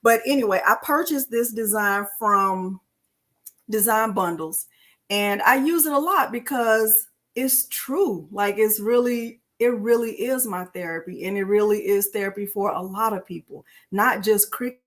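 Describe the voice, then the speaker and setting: A woman's voice: medium pitch, unhurried, fairly bright tone. Chatty woman teaching crafts live. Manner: chatty and emotional, addresses viewers as y'all. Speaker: crafting instructor hosting a live stream. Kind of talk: casual live-stream tutorial.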